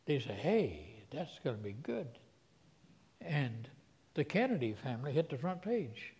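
A man preaching a sermon, telling a personal story, his voice swinging from hushed to loud. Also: a little high, in a large hall.

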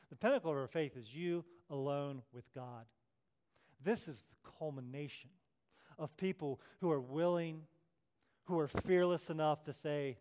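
A man preaching a sermon as pastor, swinging from hushed prayerful tones to loud emphatic passages and acting out quoted voices. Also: fairly high pitch, smooth.

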